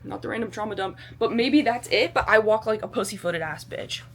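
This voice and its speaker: A woman's voice: mid-range voice, fairly quick, a bit bright. A woman vlogging in a casual, rambling way, bubbly and self-deprecating, swearing freely and using a lot of slang. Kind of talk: casual chatty vlog.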